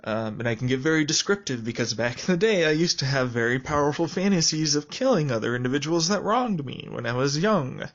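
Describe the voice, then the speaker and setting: A man talking through a reflective personal video journal in a rambling, halting way with many fillers. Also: fairly high pitch, animated, highs cut off.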